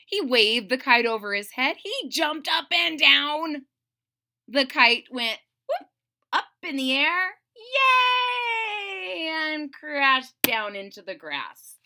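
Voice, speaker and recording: Bright, animated woman reading to kids. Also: high voice, slow. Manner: animated and expressive, talking to young listeners. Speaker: read-aloud storyteller. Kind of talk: children's story read-aloud.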